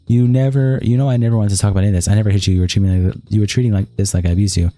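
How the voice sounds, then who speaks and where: A man streaming, reading a long text-message exchange aloud in a rapid, flat read-through. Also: on the low side, soft background music.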